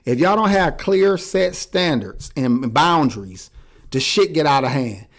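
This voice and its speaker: Male co-host, casual podcast chat: a lively, swooping delivery, slightly high voice, blunt and profane. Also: unhurried. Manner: animated, profane, blunt ranting.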